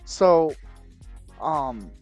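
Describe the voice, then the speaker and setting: Rambling, slightly high-voiced podcast guy. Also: animated, extremely slow, a little mellow, no echo, soft background music. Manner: rambling, loses his train of thought, mild swearing. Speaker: podcast co-host. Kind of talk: casual chat.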